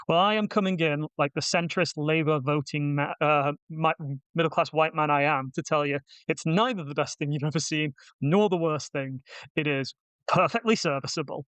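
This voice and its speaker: A man with a fairly high, clear, smooth voice talks through a film review in casual podcast chat. He is wry and self-deprecating, full of quick asides, and sounds close and dry on the mic. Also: no room sound.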